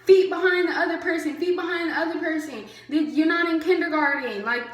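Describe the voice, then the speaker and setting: A woman voicing a stern, bossy female staff officer who loudly scolds people into line. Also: very high voice, fairly quick, voice pushed up. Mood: scolding. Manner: loud commanding scolding. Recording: roomy echo.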